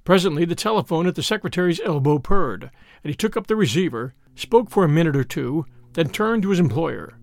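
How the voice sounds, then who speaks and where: A man hosting and reading an audiobook in a measured, expressive storytelling manner. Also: on the high side, gravelly, dry recording. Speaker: audiobook host and reader. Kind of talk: audiobook narration.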